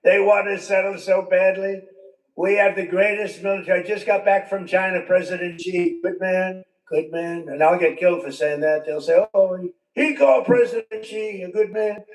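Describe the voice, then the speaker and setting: A man's voice: high voice, flat delivery, moderate pace. Older man rambling at a rally. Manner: rambling, repetitive, with conversational asides. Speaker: politician giving a speech. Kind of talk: rally speech. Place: large venue with a crowd. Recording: roomy sound, distant from the mic.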